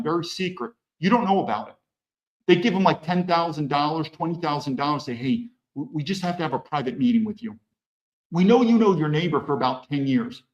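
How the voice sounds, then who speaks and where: Male podcast guest with a high, animated delivery and a blunt, profane edge. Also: poor audio. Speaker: podcast guest, former federal agent. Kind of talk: animated conversational storytelling.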